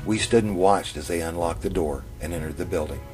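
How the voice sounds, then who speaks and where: Deep-voiced man telling his memoir. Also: brisk, darkish tone. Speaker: narrator of his own memoir. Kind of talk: first-person memoir storytelling. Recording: music playing under the narration.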